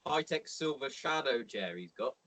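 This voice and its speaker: Lively teasing man. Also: mid-range voice, moderate pace, no room sound. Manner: teasing, jokey, swears freely. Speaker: podcast host. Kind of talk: casual podcast banter.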